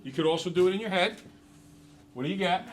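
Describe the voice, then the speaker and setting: Middle-aged man, math teacher, jokey classroom talk, high voice, recorded from across an echoey room. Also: animated, fast talker. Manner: jokey, chatty, asks the class questions. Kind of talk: classroom lesson. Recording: roomy, from far off.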